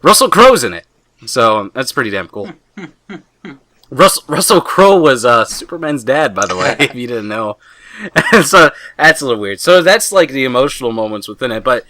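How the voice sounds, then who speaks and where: Bright-voiced young guy ranting. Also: medium pitch, moderate pace, no echo. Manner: excitable, rambling, swears a lot. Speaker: podcast co-host. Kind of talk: casual chat.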